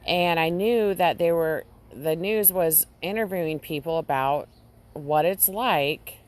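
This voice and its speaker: A woman vlogger casually recounting a dream to her audience, halting often and restarting her sentences. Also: deep voice. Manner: halting, with frequent restarts and fillers. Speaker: Christian vlogger.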